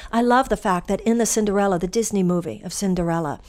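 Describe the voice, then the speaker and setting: A woman giving an inspirational talk, earnest and animated as she tells a story. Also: mid-range voice, quick pace. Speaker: spiritual teacher.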